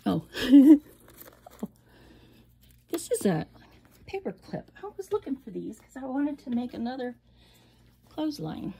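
Slow, gravelly woman showing crafts. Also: sits high, sing-song, dark tone. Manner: chatty, rambling, laughs often, some whispered asides. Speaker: crafter showing a handmade album. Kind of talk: casual show-and-tell.

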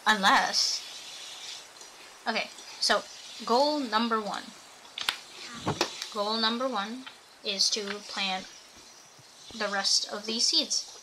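A woman's voice: mid-range voice, fairly even intonation, a little slow, pauses often. A young woman streaming a video game, chatting to her viewers and thinking aloud as she plays. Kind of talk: casual gameplay commentary. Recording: audible background noise.

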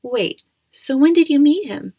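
A shy young boy with a small, pleading voice, pitched higher than the reader's own. A woman puts him on for a storybook reading, with a gravelly edge and a dry, close sound. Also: animated, measured pace, warm tone, dry recording, heavily acted. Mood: worried.

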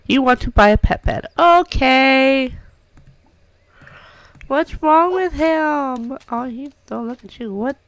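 Her voice is high-pitched and slow, recorded without echo, as this young woman chats through casual let's-play commentary. She coos and talks to the pets in the game.

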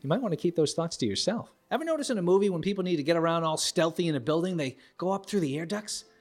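Middle-aged man doing animated stand-up. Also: fast talker. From United States. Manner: animated, acts out characters with big pitch jumps. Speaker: stand-up comedian. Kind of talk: observational stand-up monologue.

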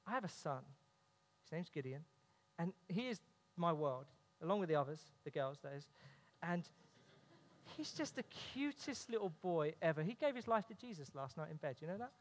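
A man with a high voice delivers an earnest sermon and mixes in humorous stories from home. His words ring out under the long reverb of a church hall. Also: lively intonation, moderate pace. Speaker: pastor. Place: church sanctuary.

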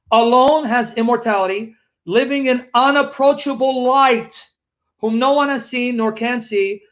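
A man debating heatedly, accusing his opponent of lying and reading scripture aloud to refute him. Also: very high-pitched. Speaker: Christian debater.

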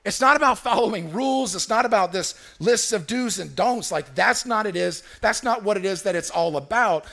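A man's voice: sits high, expressive, moderate pace, creaky, few pauses, a bit bright. A man preaching a sermon as pastor in a church, emphatic and repetitive, calling on the congregation to answer him.

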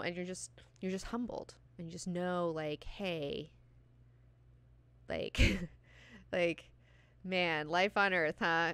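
A woman's voice: mid-range voice, pushed and bright, clear, resonant tone, no echo. A woman hosting a book club, reading passages aloud and chatting about them casually, with lots of swearing and fillers.

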